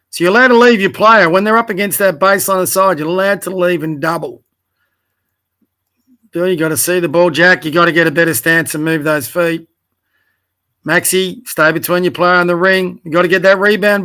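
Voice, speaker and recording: Tired and yawning late at night, a youth basketball coach talks through game video casually. His voice sits high, pushed and bright, and his feedback is direct, corrective and encouraging, with players named one by one.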